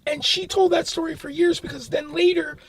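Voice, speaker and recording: A man's voice: very high-pitched, steady tone, fairly quick. A man telling a creepy family story in a casual, rambling podcast chat, with some swearing. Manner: rambling, swearing, acts out quoted voices.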